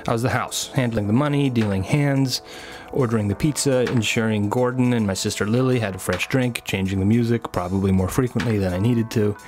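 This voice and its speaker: A man's voice: on the low side, brisk, a little mellow. A man hosting a podcast, telling a scripted story in a wry, self-mocking way. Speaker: podcast host.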